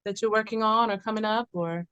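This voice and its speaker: A woman's voice: medium pitch, steady tone, brisk, fairly bright tone, clean tone, dry recording, highs cut off. A woman in her forties co-hosting a podcast, chatting in a playful, effusive way. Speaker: podcast co-host. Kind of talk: casual chat.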